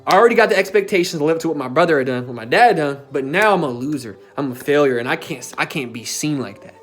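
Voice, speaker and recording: Speaking fast with lively intonation, this young self-development coach recounts something from his own life in a fairly high voice while faint music plays behind him. His delivery is casual and forceful, peppered with fillers and cursing.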